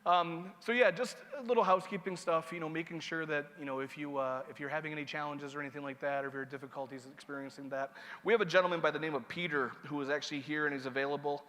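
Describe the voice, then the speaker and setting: Male MC, casual and joking with the audience, slightly high voice, large hall reverb. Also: fairly even intonation, fast, few pauses, bright, forceful tone. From Seneca Nation. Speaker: master of ceremonies. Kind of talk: conference opening remarks.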